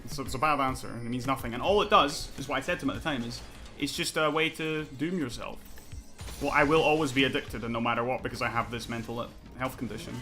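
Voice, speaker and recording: Male game streamer, bright tense voice, argumentative and profane, faint music under him. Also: mid-range voice, fast. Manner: heated, profane, argumentative, self-critical. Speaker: streamer playing a competitive online game. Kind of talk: live gameplay commentary and ranting.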